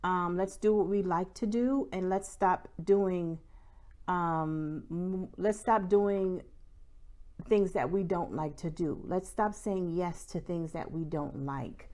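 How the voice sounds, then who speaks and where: A woman's voice: fairly low pitch, slow pace, darkish tone. A young woman talking candidly to camera about her small business, with lots of "like" and "y'all". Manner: candid, chatty, says "y'all" and "like" a lot. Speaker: small business owner and vlogger. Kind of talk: casual chat to camera.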